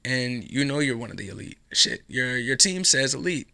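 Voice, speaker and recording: A man's voice: mid-range voice, expressive, normal speed, vocal fry, sharp tone, clean tone. A man hosting his own show, talking alone in a casual, rambling way, sarcastic and dropping into a whisper for effect. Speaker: podcast host. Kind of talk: casual solo commentary.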